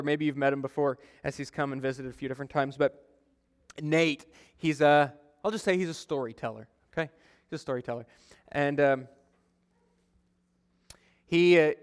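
Young adult male pastor, conversational sermon, smooth voice, long church-hall reverb. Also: fairly high pitch, steady tone, moderate pace. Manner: conversational, storytelling with acted-out quotes. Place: church sanctuary.

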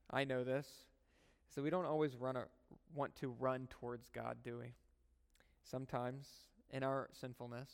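A male pastor preaching a sermon in a conversational storytelling manner, moving between soft, earnest talk and loud, animated bursts. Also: mid-range voice, clear, resonant tone. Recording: long hall reverb.

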